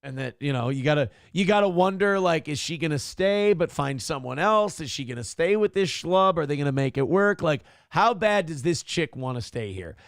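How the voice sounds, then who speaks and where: A man's voice: fairly high pitch, expressive, normal speed, few pauses, no room sound, clean studio sound. A man hosting a live-streamed morning talk show, rambling and mocking in casual commentary and reading out donors' messages. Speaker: livestream show host.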